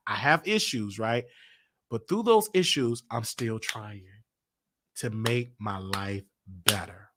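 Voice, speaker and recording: With a medium-pitched, fairly bright voice, this show host opens up about his own life in a candid livestream. He circles back and repeats himself while sorting through his thoughts.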